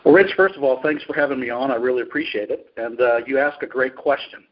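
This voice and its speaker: A male executive being interviewed, answering in a measured, explanatory way with frequent fillers. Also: medium pitch, lo-fi sound. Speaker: industry executive guest. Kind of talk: business interview.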